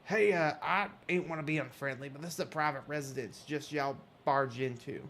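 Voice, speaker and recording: A man voicing a gruff but hospitable rural man with a put-on country drawl. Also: fairly high pitch, brisk, fairly bright tone, slight background noise. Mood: folksy.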